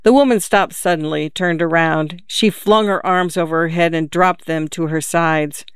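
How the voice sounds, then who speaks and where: Measured storybook narrator with a smooth, clear voice and dry close sound. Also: mid-range voice, no room sound. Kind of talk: audiobook narration.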